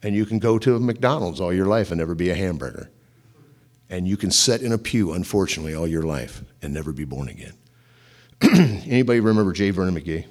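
Husky, low-voiced middle-aged pastor; conversational sermon, rhetorical questions. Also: male voice, expressive, fairly quick, a little mellow.

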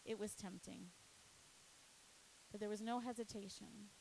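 A woman's voice: medium pitch, steady tone, unhurried, vocal fry, darkish tone, slight background noise, low-quality recording. A woman, a youth pastor, earnestly telling a personal faith testimony, at times emotional. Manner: earnest storytelling, often emotional.

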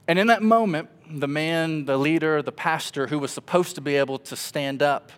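A man in his twenties preaching a personal sermon with a slightly raised pitch. He tells his story emotionally, climbing to loud animated passages and then dropping almost to a hush. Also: moderate pace, clear, resonant tone. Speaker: pastor.

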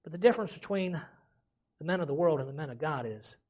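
Husky-voiced preaching pastor man. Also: fairly high pitch, lively intonation, fast, darkish tone. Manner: preaching with rising emphasis and frequent "amen?" calls. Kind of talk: sermon.

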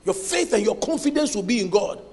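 A man preaching a sermon as pastor, emphatic, often pausing for the congregation to finish his lines. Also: high voice, animated, a little mellow. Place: church hall. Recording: long hall reverb.

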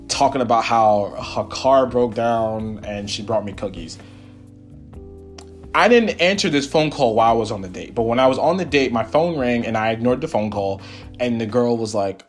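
A young man hosting a podcast, telling a personal story in a casual, animated and profane way, acting out what people said. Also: medium pitch, normal speed, soft background music. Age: young adult. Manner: animated, profane, quotes people in his own voice. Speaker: podcast host.

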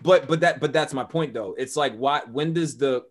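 A man co-hosting a casual podcast conversation, animated and laughing, swinging between loud exclaiming and quiet musing. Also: mid-range voice, normal speed. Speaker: podcast co-host.

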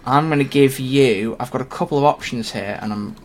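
A man's voice: medium pitch, brisk. A man co-hosting a fan podcast, chatting in an opinionated, jokey way. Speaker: podcast co-host. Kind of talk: casual chat.

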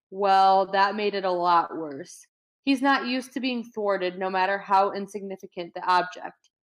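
Woman casually reading a novel aloud. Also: mid-range voice. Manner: reads with light voicing, chatty asides, stumbles and laughs. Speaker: reader.

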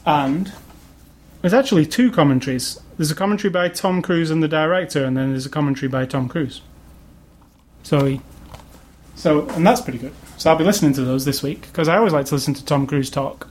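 A man's voice: fairly high pitch, brisk, slight background noise. A man co-hosting a podcast, chatting casually about a film with many fillers and restarts. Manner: rambling, lots of fillers and restarts. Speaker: podcast co-host. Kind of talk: casual chat, film review.

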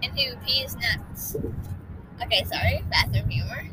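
A groggy woman co-hosting a casual family podcast with her son, animated and giggly with lots of ums. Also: fairly high pitch, unhurried, heavy background noise. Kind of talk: casual family chat and storytelling.

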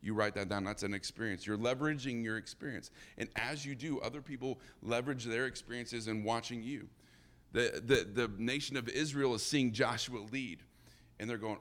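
A man preaching a sermon in a lively, conversational way, acting out the characters' dialogue. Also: medium pitch, moderate pace. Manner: animated, conversational, acts out dialogue.

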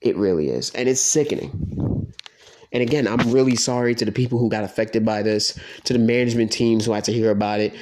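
A man's voice: brisk, a little mellow. A man giving an angry, profane rant about an online wrestling league. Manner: profane, heated, pitch swinging widely.

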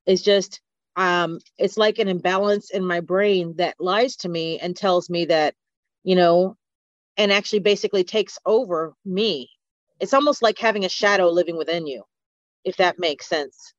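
A woman's voice: lowish voice, moderate pace, no echo. A woman speaking as a podcast guest in a candid conversation, earnest, open and reflective. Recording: dull lo-fi podcast audio.

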